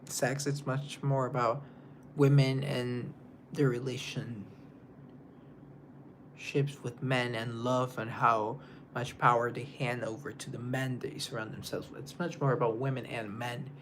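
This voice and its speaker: Reading out viewer comments, the young singer rambles casually on his livestream and lapses into soft asides. His tone is level and mid-range, his pace unhurried, with a slight hiss or hum in the recording.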